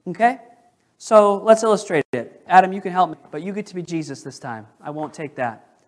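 A male pastor preaching a sermon in a church, questioning the congregation and slowing down to stress key phrases. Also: sits high. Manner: emphatic, slows down on key phrases. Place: church sanctuary.

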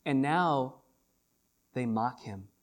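A man preaching a sermon as pastor, swinging between hushed lines and loud, drawn-out emphasis. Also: medium pitch, expressive.

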